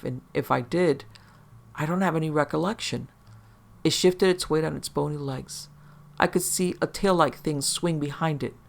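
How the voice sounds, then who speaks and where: Gravelly man reading a horror story. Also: a little high. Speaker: narrator.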